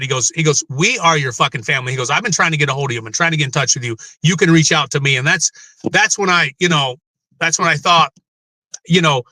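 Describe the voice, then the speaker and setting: Rambling, bright-voiced man telling his story. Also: fairly high pitch, no echo. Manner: rambling, emotional, swears freely. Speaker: guest. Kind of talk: candid personal interview.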